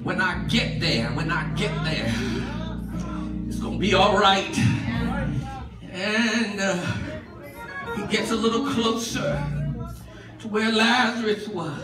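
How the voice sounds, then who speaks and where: A man preaching a sermon as pastor, rising into shouts and sing-song runs with the congregation answering. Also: high-pitched, takes it slowly, pauses often. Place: church sanctuary. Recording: echoey church heard from far off, with music and congregation.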